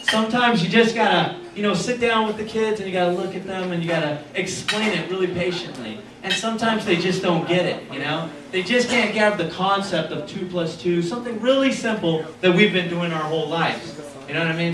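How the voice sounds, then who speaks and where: A man's voice: high-pitched, a little fast, crowd noise. A young man doing a stand-up set at an open mic, rambling and self-deprecating, with lots of "anyways" and fillers. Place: small art gallery, indoors. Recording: echoey gallery room, far camera, audible room noise.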